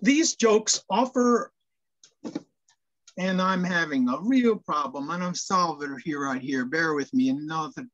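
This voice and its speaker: Here a male minister delivers a sermon, cracking jokes like a storyteller and frequently starting his phrases over. His voice runs on the high side with lively intonation, a fairly bright tone, and a slightly slow pace, captured in dull lo-fi sound.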